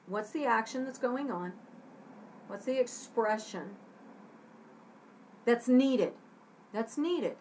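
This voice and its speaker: A woman's voice: a little high, expressive, slow pace, long pauses, darkish tone, slight background noise, low-quality recording. A woman teaching a scriptwriting lesson to young students. She acts out short example lines in different voices and checks in often with "okay?".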